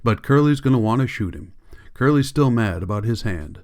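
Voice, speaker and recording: A man voicing a calm, respected lead ranch hand with a quiet, low rural drawl. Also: normal speed, close to an everyday voice. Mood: somber.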